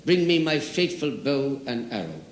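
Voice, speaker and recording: A man voicing a dying old outlaw hero, slow, low and mock-solemn, in an echoey hall. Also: very animated, a little hiss or hum, close to an everyday voice. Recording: echoey hall with long reverb.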